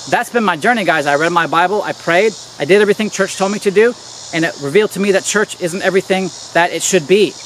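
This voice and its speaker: A man's voice: sits high, fast talker, a bit bright, a little hiss or hum, poor audio. Earnest man talking straight to viewers. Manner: earnest, addresses viewers as "guys", emphatic repetition. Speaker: church video host. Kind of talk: direct-to-camera teaching talk.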